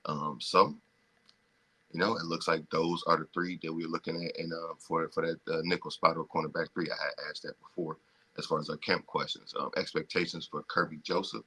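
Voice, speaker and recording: A man co-hosts a casual sports podcast in an extremely low voice. His tone is bright and forceful, and he talks haltingly, stopping often to find his next words. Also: flat delivery, breathy edge. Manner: halting, with many ums and restarts. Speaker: podcast co-host.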